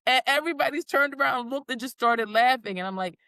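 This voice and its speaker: A woman's voice: high-pitched, quick pace, few pauses, smooth, no room sound. A woman co-hosting a podcast in casual chat, telling stories animatedly and acting out quotes in changing voices. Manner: animated storyteller, acts out quotes in shifting voices. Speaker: podcast co-host.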